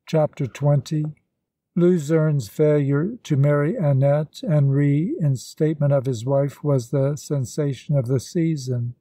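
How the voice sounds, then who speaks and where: A man narrating a classic novel as an audiobook, reading in a steady, even manner. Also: a little high, measured pace, no echo.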